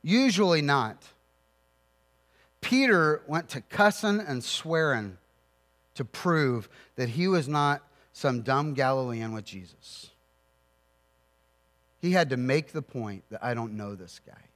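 High-voiced male preacher in a reverberant hall. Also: lively intonation, slow, long pauses, fairly bright tone. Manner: earnest preaching with storytelling asides. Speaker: pastor. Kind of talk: sermon. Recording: long reverb of a large hall.

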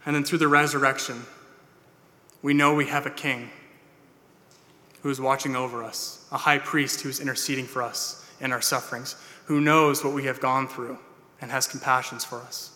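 With a bright, forceful tone, a medium-pitched male pastor preaches a sermon at a normal pace but with flat delivery. He's earnest and plain-spoken, peppering his words with "uh"s and restarts. The church sanctuary gives the recording a long hall reverb.

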